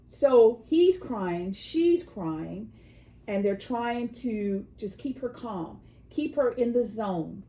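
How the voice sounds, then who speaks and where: A woman's voice: medium pitch, animated, takes it slowly, dark tone, low-quality recording. A woman from California co-hosting a casual chat show, telling news stories and sometimes acting out the voices of the people in them. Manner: storytelling, acts out quoted voices. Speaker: co-host.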